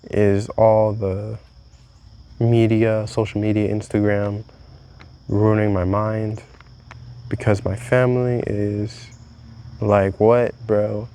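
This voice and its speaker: A man's voice: lowish voice, level tone, takes it slowly, long pauses, dark tone, clear, resonant tone. A young man vlogging a candid, rambling confessional monologue, swearing freely as he talks.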